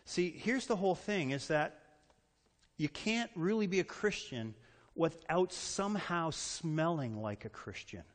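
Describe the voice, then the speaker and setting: A man pastor giving a sermon, with dramatic pauses and quotes he acts out. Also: fairly high pitch, animated, long reverb tail.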